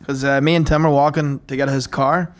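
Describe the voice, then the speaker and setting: A man's voice: mid-range voice, little pitch movement, a little fast. A man, co-hosting a podcast and telling sweary, joking anecdotes. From Northern Ireland. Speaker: podcast co-host. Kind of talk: casual chat.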